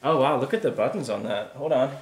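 Casting: upbeat South African-born man, mid-pitch, casual vlog chat in an echoey room. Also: creaky. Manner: upbeat, chatty, quick to laugh. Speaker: reseller vlogger, co-host.

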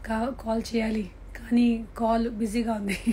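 Hoarse young woman chatting with fans. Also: on the high side, flat delivery, racing, mellow, a little hiss or hum, low-quality recording. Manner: chatty, laughing, drops to a near-whisper, switches languages mid-sentence. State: hoarse, losing her voice. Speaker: film actress. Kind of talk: casual livestream chat with fans. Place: on a film set during a break.

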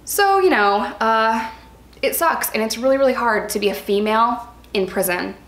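Young woman, higher voice, earnest emphatic vlog talk, echoey room. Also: a bit bright. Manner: earnest, emphatic, repeats words for stress. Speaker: vlogger sharing personal experience. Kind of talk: candid personal vlog talk.

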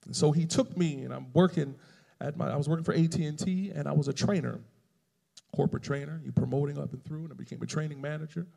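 Gravelly pastor preaching in a reverberant hall. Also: male voice, a little high, fast. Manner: emphatic preaching with swings between loud and soft. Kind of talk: sermon.

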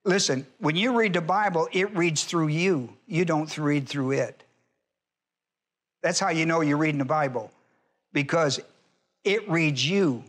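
High-voiced folksy male preacher. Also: measured pace, pauses often, fairly bright tone. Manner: folksy preaching, bursts into hollering then drops low; acts out quoted voices in a high pitch. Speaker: pastor. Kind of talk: sermon. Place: church.

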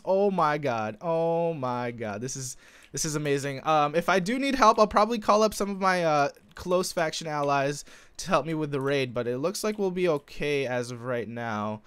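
Excitable young gamer narrating his run; slightly high, very animated delivery. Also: normal speed, clean tone. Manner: excitable, swings between calm narration and shouting. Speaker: gaming video host. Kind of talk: live gameplay commentary.

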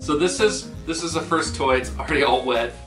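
A man's voice: on the high side, fairly quick, music in the background. A man co-hosting a casual unboxing video, chatting playfully and coaxing his dog along. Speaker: co-host unboxing a dog subscription box.

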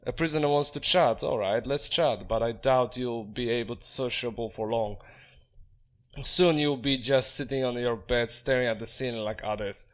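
A man's voice: mid-range voice, moderate pace, natural voice. A man voicing a greedy prison jailer who sneers and chuckles, reading game dialogue aloud. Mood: sneering.

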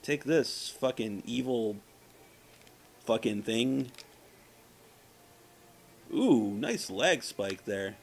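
A man's voice: mid-range voice, expressive, very slow, creaky, pauses often, a little hiss or hum. A man casually commenting on his gameplay, profane and self-mocking, trash-talking the game's enemies. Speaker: let's play gamer.

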